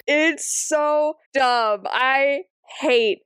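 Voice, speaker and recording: A woman hosting a book club podcast in casual chat, animated and laughing often as she acts out quotes from the book. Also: high voice, very slow, dry recording, clean studio sound.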